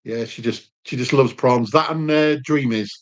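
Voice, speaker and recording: A man's voice: mid-range voice, moderate pace. A man co-hosting a casual home live chat about food, chatting and reading out viewer comments. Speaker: cooking channel co-host.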